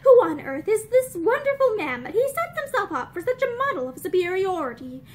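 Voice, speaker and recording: A young woman voicing an outspoken, quick-tempered young woman who speaks emphatically and frankly. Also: very high-pitched, very animated. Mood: cross.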